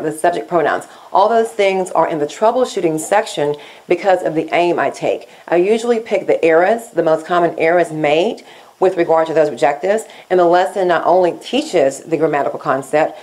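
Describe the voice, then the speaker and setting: A woman gives a scripted Spanish lesson in a lowish voice. She speaks slowly and deliberately, like a patient one-on-one teacher, going back and forth between English and Spanish. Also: a little mellow, low-quality recording.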